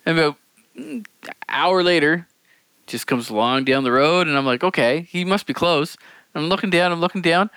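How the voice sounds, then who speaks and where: A man's voice: fairly high pitch, expressive, moderate pace, pushed and bright, smooth, dry recording. A man co-hosting a podcast, telling a funny story among friends, laughing and acting out the people he quotes. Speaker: podcast co-host.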